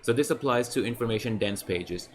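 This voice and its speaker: A man in a relaxed screen-share tutorial, explaining design at an ordinary mid pitch. He repeats his points and keeps checking in with a quick "right?". Faint hiss sits under the voice. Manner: conversational, repetitive, often adds "right?".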